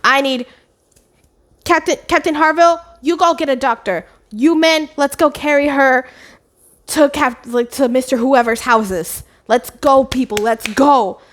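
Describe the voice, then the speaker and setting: A woman's voice: a little high, fairly even intonation, unhurried, hardly any pauses, lightly acted. A woman voicing a level-headed young woman who gives firm orders in an emergency. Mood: commanding. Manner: firm, commanding. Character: calm, take-charge young woman in a crisis.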